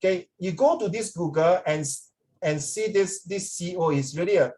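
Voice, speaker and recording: A man's voice: sits high, normal speed, mellow, low-quality recording. A man with a Singaporean accent teaching a class in a chatty, casual way, switching between English and Mandarin and checking that students agree with him.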